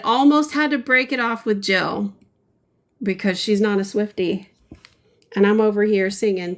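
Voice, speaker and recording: A woman's voice: medium pitch, a little slow. A woman hosting a painting livestream, chatting casually and playfully with her viewers, often giggling.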